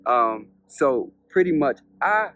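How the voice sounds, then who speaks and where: A man who is a spiritual teacher, telling a parable as a lesson in an unhurried way, repeating points and asking rhetorical questions. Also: medium pitch, big pitch swings, a bit bright, no room sound. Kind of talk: storytelling lesson.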